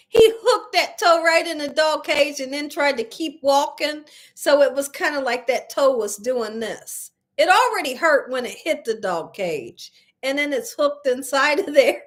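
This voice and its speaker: A middle-aged woman with a high-pitched voice and big pitch swings hosts a casual cooking livestream at a moderate pace. Chatty and often laughing, she reads viewers' comments aloud, tells stories, and addresses everyone as "y'all."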